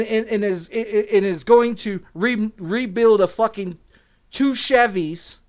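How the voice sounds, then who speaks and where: A middle-aged man with a notably high-pitched voice, ranting aggressively during a game stream. He swears constantly and hammers the same phrases over and over. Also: clear, resonant tone. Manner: profane, aggressive, repetitive ranting. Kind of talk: angry streaming rant.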